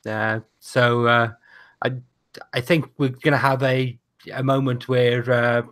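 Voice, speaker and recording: A man talks through his wrestling moves in a tabletop game over a video call. His voice is bright and a little tense. He pauses and stumbles through lots of fillers as he works out the sequence. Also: medium pitch, little pitch movement. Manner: halting, many fillers. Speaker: player.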